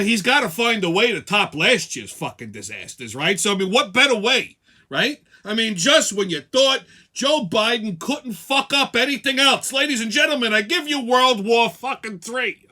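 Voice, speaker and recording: A man's voice: sits high, bright, forceful tone. A man hosting a weekly show, ranting sarcastically and profanely. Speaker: host. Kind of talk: profane comedic rant.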